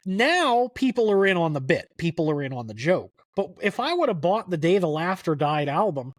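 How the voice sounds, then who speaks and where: Talkative man with a higher voice. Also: normal speed, no room sound, clean studio sound. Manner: rambling, many "like" fillers, animated retelling. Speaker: podcast guest, country music historian. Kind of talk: casual conversational storytelling.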